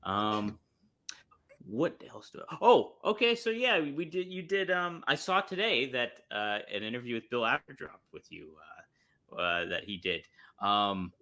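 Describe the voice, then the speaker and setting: Bright, animated podcast co-host. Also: male voice, mid-range voice, a little slow. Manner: reactive, laughs often, lively interjections. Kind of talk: casual chat.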